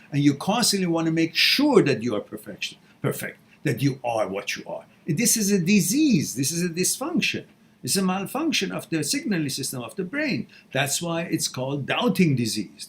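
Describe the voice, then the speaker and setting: A man hosting a live question-and-answer stream, reading out viewer messages and giving advice in an animated, goofy way. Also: on the high side, slightly rough. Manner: animated and goofy, laughs at his own jokes; reads out viewer messages, then answers directly.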